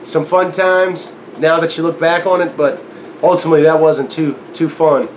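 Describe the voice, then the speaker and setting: A man's voice: fairly high pitch, normal speed, a little hiss or hum. A man casually telling a long story, acting out the voices in it and laughing often. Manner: animated, acts out quotes, laughs often. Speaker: guest storyteller.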